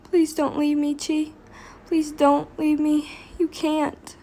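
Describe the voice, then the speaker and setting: A frightened, grieving young man, as a woman reads his lines in her own high voice. He stammers and pleads in a spoken story read aloud from fan fiction. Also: monotone, slow, dark tone. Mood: pleading.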